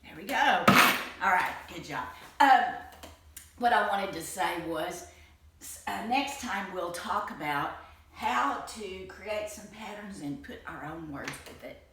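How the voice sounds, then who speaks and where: A woman's voice: medium pitch, lively intonation, slow. Encouraging woman teaching rhythms to children. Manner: encouraging, chanting rhythm syllables. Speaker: music teacher. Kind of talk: children's music lesson. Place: home room with tile floors. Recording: roomy far-off home recording, loud noise.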